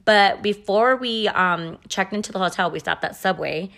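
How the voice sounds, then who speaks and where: A woman's voice: medium pitch, normal speed, gravelly, fairly bright tone. A woman hosting a podcast, telling a story in a chatty, profane way and saying "like" constantly. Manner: chatty and profane, heavy use of "like". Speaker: podcast host. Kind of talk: casual storytelling.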